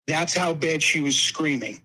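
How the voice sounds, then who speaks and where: Man, caller, slightly high voice, casual storyteller, swears. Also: a little slow, bright, forceful tone, slight background noise, rough recording.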